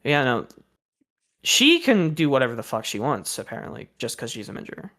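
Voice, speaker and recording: A man's voice: mid-range voice, huge pitch swings, fairly quick, pushed and bright. A young man streaming, telling a story in a casual rant, exasperated and aggrieved, swearing freely.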